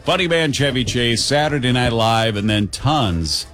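A man's voice: medium pitch, lively intonation, unhurried, a bit bright, soft background music. A man hosting a radio show, chatting casually and rambling through trivia and birthdays. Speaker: radio host.

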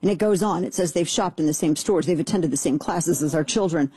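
A talk show host giving casual comedic commentary, excitable and jokey, often leaping up in pitch for mock excitement. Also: a little fast, breathy edge, dry recording, clean studio sound.

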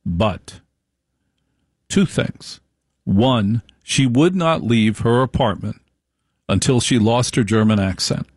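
A man delivers an opinionated monologue, telling stories emphatically and repeating lines for stress. His voice is of ordinary male pitch, darkish and breathy at the edge, expressive and slow with frequent pauses. The recording is dry and close, without room sound.

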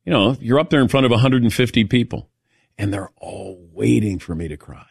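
A middle-aged man hosting a casual sports talk show, animated and self-mocking as he calls on his co-hosts by name. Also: on the low side, brisk, gravelly, slightly rough, dry recording, clean studio sound. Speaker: radio show host.

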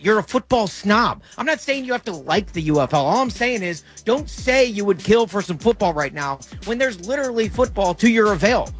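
A young man co-hosting a sports talk show, delivering a mocking comedic rant and putting on whiny voices. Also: high-pitched. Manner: mocking, animated, puts on whiny voices for quotes. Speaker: podcast co-host.

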